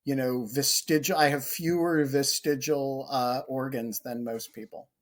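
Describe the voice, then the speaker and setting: A man who used to co-host and now guests on a podcast, telling wry, self-mocking stories. He speaks in an easy, middle-pitched voice. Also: steady tone, a little slow. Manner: wry, storytelling. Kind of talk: casual chat.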